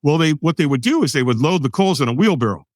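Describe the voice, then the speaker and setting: A man's voice: fairly high pitch, lively intonation, fast, no echo. A man in his sixties, a podcast guest from the United States, telling a personal story with vivid energy and acting out the other people in it. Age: 60s. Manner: vivid storyteller who acts out quoted voices.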